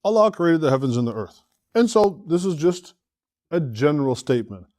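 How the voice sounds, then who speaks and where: A man's voice: fairly high pitch, very animated, normal speed, darkish tone, dry recording, clean studio sound. A man teaching a classroom lecture, explaining step by step, often asking the class questions and checking in with "right?". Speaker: Arabic teacher and imam.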